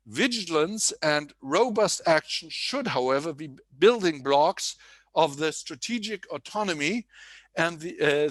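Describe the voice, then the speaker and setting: A man reading a prepared conference speech in a formal way, often pausing with hesitations and correcting himself. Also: on the high side, a bit bright, no echo. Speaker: conference speaker. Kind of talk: prepared speech read aloud. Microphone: online conference setup.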